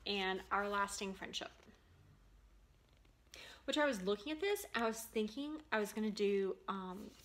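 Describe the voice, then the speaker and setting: Bright, chatty woman vlogger. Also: mid-range voice, a little slow, long pauses, slight background noise. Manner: chatty, enthusiastic, frequent ums. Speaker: cross-stitch vlogger. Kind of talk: casual show-and-tell chat.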